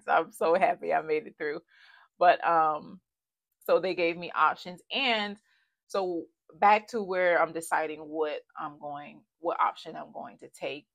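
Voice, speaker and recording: A woman's voice: deep voice, steady tone, a little slow, creaky. A woman in her thirties candidly telling a personal story in a conversational way, getting emotional at times and laughing through it. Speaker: vlogger sharing a personal story.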